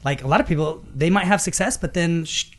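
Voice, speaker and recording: A middle-aged man hosting a business podcast, telling a personal story in an animated way and acting out what people said. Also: a little high, fast. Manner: animated storytelling, acts out quotes. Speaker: podcast host. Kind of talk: casual business chat.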